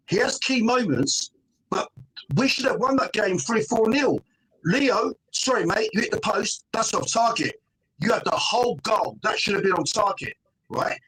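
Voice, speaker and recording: A man's voice: high-pitched, a bit bright, husky. A middle-aged man, a guest on a fan panel, arguing emphatically in casual chat, forever tossing in "mate" and "right?". He is joining over a phone call.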